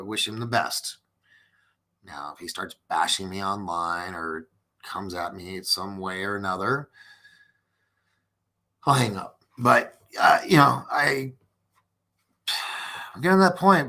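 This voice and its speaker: A man's voice: on the low side, sharp tone. A man hosting a late-night live-streamed podcast, chatting casually and reading viewer comments with many restarts and fillers. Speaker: podcast host.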